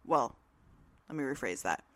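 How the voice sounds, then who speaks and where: A woman's voice: a bass voice, expressive, moderate pace, no room sound. A woman co-hosting a podcast in casual, rambling talk full of fillers and laughs. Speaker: podcast co-host. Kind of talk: casual discussion. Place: room at home with open windows.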